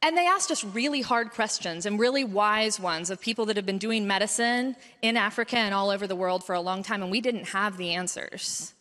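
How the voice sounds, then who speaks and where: A woman pediatrician in her thirties shares an earnest personal testimony at a mission conference, her mid-range, slightly bright voice brisk with few pauses. As the story turns emotional her voice rises, carried by the long reverb of a large conference hall.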